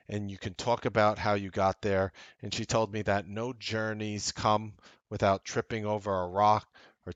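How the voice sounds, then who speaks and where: Chatty low-voiced man on a dry mic. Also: dry recording. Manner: chatty, self-deprecating, jokey asides. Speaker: trading show host. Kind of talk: casual live-stream talk.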